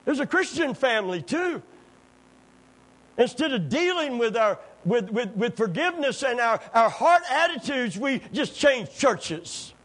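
Impassioned preacher, high lively voice. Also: male voice, measured pace, poor audio. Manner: impassioned, rising to near-shouts, folksy storytelling with jokes. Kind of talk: sermon.

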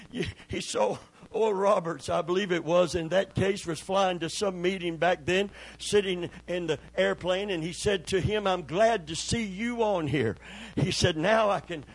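A man pastor preaches, his voice a touch higher than most men's. He moves between folksy storytelling and fervent peaks, calling out for amens. The recording is dry and close, with no room echo. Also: breathy edge. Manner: preaching with sudden swells in pitch and loudness; folksy storytelling with calls for amen. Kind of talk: sermon.

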